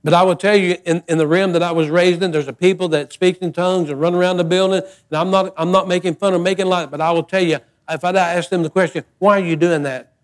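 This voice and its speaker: A man's voice: sits high, steady tone, quick pace, hardly any pauses. An older man preaching a sermon as pastor, folksy and emphatic, with repeated phrases.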